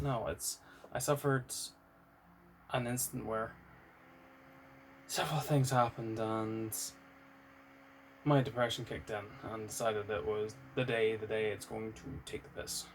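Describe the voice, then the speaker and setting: A man's voice: on the low side, fairly even intonation, a little slow, long pauses, slight background noise. A man with a British accent, talking candidly and ramblingly in an unscripted personal vlog, with some swearing. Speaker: vlogger.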